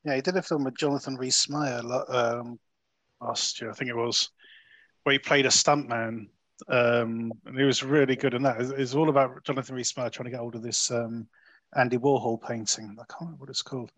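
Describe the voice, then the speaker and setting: Man hosting a film chat, halting. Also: medium pitch, steady tone, a bit bright, dry recording. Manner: short agreeing interjections, halting phrasing. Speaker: podcast host. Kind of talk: casual film review chat.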